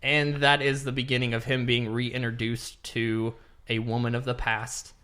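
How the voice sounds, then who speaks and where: A young man co-hosting a casual podcast, retelling a film plot in animated detail and acting out the characters' lines. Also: mid-range voice, normal speed, smooth. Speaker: podcast co-host reviewing a movie.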